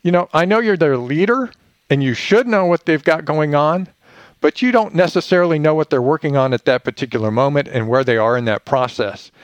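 A man's voice: on the high side, a little fast, no room sound, muffled recording. A man as a podcast guest telling a childhood story, acting out the voices he quotes. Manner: animated, acts out quoted voices. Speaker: podcast guest, leadership author. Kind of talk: casual storytelling.

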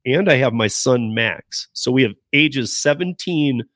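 A man's voice: mid-range voice, expressive, unhurried, a bit bright, dry recording. Man around fifty, casual podcast talk, rambling, dry close sound. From Denver area. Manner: rambling, full of "like" and restarts. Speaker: podcast guest.

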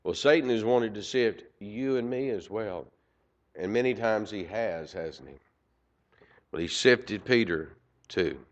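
Low-pitched male preacher with dynamic delivery on a lo-fi recording. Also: animated, measured pace. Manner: dynamic, swings from loud emphasis to quiet asides. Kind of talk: sermon. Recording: dull lo-fi recording.

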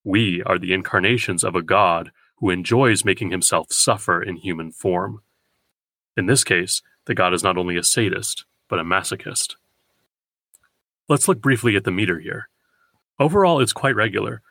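Guy reading out a poetry lecture, slow and careful, kinda low but bright, dead dry room. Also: no room sound. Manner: measured, deliberate, slows for quoted verse. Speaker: poetry podcast host. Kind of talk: scripted literary lecture.

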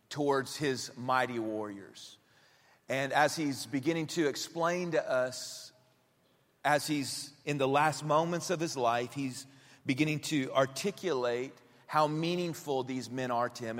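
A male pastor giving a sermon, telling stories in a relaxed, conversational way with many fillers and restarts. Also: mid-range voice. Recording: long hall reverb.

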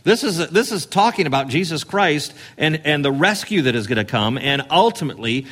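Emphatic preaching man, slightly high voice. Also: sing-song, a little fast, few pauses, fairly bright tone. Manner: conversational, emphatic preaching with rising stress on key phrases. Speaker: pastor. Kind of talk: sermon.

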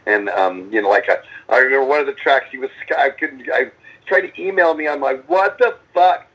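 A man's voice: medium pitch, a little fast, pushed and bright, breathy edge, muffled recording. A middle-aged man, a metal band frontman, answering interview questions in a rambling, profane way, often acting out what others said. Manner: rambling, profane, lots of restarts and acted-out quotes.

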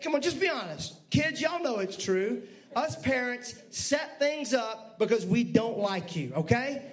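A man preaching a sermon as pastor, lively, with asides to the congregation. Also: very high-pitched, measured pace.

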